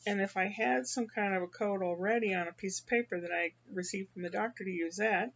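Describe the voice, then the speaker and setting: An older woman from the Midwest talks in a loose, rambling way, stopping and restarting her sentences often. Her voice has a gravelly, creaky edge at a middling pitch. The recording sounds slightly dull and lo-fi. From American Midwest. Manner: rambling, halting, with many restarts. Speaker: vlogger. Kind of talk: casual personal monologue.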